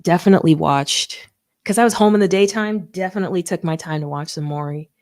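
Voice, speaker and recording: A woman's voice: on the low side, a little fast, darkish tone. A woman comic doing a laid-back, rambling stand-up set on a live stream, giggling often.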